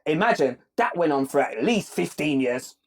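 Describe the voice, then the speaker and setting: A man, a rapper being interviewed in casual chat, talking in rapid, animated street slang with lots of restarts. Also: on the high side. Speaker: rapper and guest.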